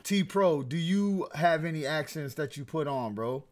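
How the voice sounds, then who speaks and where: A man's voice: on the high side, animated, a little slow. A man in his thirties hosting a casual podcast, joking, slangy and asking his guests questions. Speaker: podcast host.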